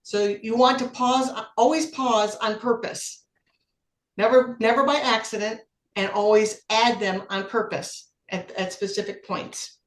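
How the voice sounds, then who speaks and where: A woman's voice: fairly high pitch, steady tone, a little slow, echoey room. A woman acting as general evaluator at a speaking club meeting, giving encouraging feedback on a speech. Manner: encouraging, apologetic when corrected.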